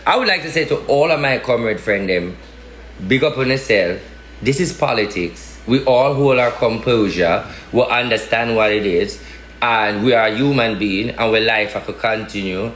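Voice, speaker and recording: A man's voice: fairly low pitch, moderate pace, fairly bright tone, echoey room, a little hiss or hum. A man from Jamaica with a Jamaican Patois accent, giving a casual political rant with emphatic, repetitive, slangy talk. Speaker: political commentator.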